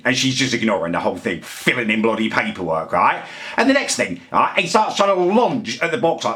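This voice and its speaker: Talking straight to camera in a casual vlog monologue, a man vents his exasperation and keeps tacking "right?" onto what he says. His mid-range voice is sing-song, pushed and bright, and he talks briskly.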